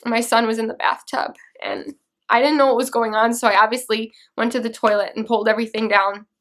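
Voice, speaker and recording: A young woman telling a personal story to camera, earnest and halting, with restarts and fillers. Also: fairly high pitch, level tone, fairly bright tone. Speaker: vlogger.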